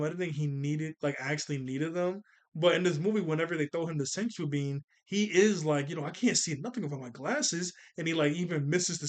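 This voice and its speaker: A man giving casual, excitable commentary on a film, often laughing and stumbling over his words. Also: on the high side. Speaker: channel host reacting to an anime film.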